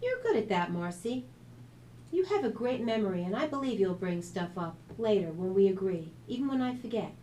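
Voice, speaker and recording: A woman voicing a hotheaded teenage girl who talks in a shrill, high-strung way. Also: very animated, normal speed, warm tone, recorded from a distance, a little hiss or hum, natural voice. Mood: appreciative.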